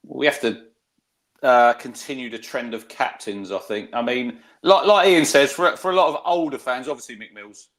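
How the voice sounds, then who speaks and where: A man's voice: mid-range voice, moderate pace. Man, middle-aged, chatty co-host, anecdote-driven, filler-heavy delivery. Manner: chatty storyteller, lively anecdotes, many fillers. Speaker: podcast co-host. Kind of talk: casual football chat.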